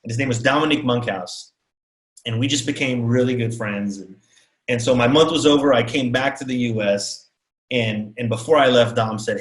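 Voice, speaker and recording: A man from Texas giving a storytelling talk as keynote speaker, animated and acting out the people he quotes. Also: medium pitch, moderate pace, echoey room, rough recording. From Texas, USA. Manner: animated, acts out quotes of others.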